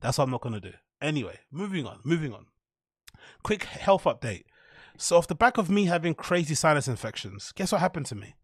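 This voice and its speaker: A man's voice: fairly high pitch, sing-song, fairly quick, slightly rough, no echo, clean studio sound. A man, hosting a podcast and telling a story in a loose, swearing, chatty way full of "like" and repeats. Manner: loose, profane, chatty delivery with many "like"s and repeats. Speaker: podcast host. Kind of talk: casual storytelling monologue.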